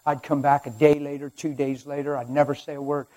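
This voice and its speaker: A middle-aged man preaching a sermon as a personal testimony, swinging between hushed and loud as he tells the story. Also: a little high, level tone, fairly quick.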